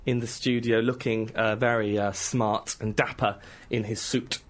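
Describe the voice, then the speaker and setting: In a studio, a comedy radio host ribs his guest before launching into his own rhyming rap poems, delivered with playful, mock-boastful swagger. He has a mid-range voice, a level tone, and a moderate pace.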